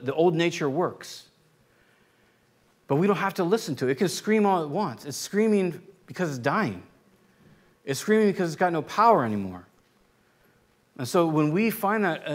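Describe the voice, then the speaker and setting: High-voiced man preaching a casual sermon. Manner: informal teaching, keeps checking in with the congregation. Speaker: pastor. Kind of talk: conversational sermon.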